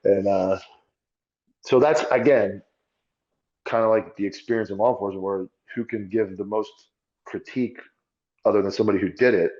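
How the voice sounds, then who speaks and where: A man's voice: on the low side, normal speed, pauses often, darkish tone, dull audio. A former police officer as a podcast guest, telling his story in a blunt, profane, self-critical way. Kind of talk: candid conversational storytelling.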